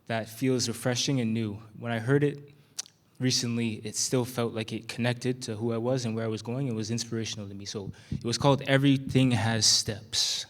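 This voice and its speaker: A man performing his own rhyming spoken word piece at a live open mic, in a steady rhythmic delivery. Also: mid-range voice, a little fast. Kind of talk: spoken word rap recital.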